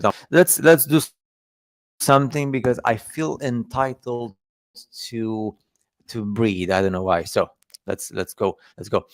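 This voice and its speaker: Sarcastic man, halting, feigning ignorance. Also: medium pitch, no echo, clean studio sound. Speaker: video host. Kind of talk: casual ironic commentary on screenshots.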